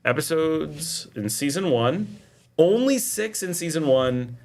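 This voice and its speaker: Chatty man hosting a lively livestream. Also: fairly high pitch, slow pace. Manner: chatty, reads viewer comments aloud. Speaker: livestream host. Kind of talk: casual livestream chat. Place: home in Nicaragua.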